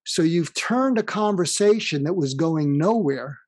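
A man with a voice a bit higher than most talks as a guest author in a close, dry recording. He explains his ideas through anecdotes and acts out bits of dialogue as he goes. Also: animated, unhurried, a little mellow, no echo. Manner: explains through stories, acting out quoted dialogue. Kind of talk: conversational advice interview.

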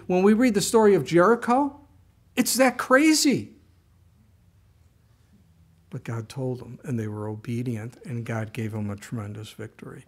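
A man pastor preaching a sermon, telling stories with acted-out voices and closing in prayer. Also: high-pitched. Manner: animated storytelling, acts out quoted voices; prays aloud.

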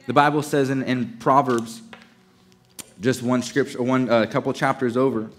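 A man delivering a sermon as pastor, emphatic, swinging from raised to hushed and stretching key words slowly. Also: mid-range voice, steady tone.

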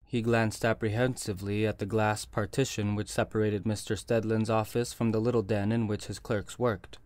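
A man narrating a story in measured, scripted audiobook style, recorded on a close studio mic. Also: fairly low pitch, little pitch movement, a little mellow, dry recording.

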